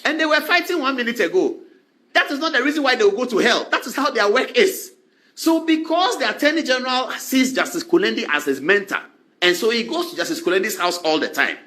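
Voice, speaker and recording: A man giving animated talk-show commentary, acting out quoted dialogue in shifting voices. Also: very high-pitched, fairly quick.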